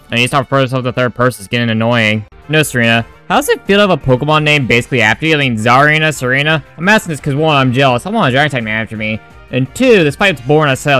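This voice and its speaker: A man's voice: medium pitch, bright, forceful tone, smooth. A man giving sarcastic, crude, joking commentary over his game playthrough. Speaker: gaming video creator.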